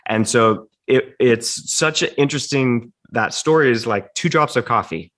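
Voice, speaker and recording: A man's voice: mid-range voice, moderate pace. A middle-aged man, a podcast guest, candidly and reflectively telling a personal story in casual chat. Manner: candid, self-reflective, animated retelling.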